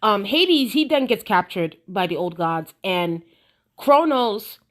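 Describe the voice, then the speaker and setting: A woman giving a casual, animated show review, emphatic and repeating herself for effect. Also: mid-range voice, slow pace.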